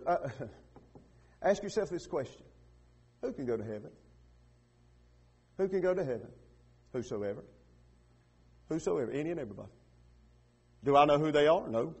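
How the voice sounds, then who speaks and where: A man preaching a sermon in a church, building from quiet, hushed passages to loud, emphatic peaks with repeated rhetorical questions. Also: on the high side, slightly rough. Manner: repetitive call-and-response questioning. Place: church with radio and online broadcast.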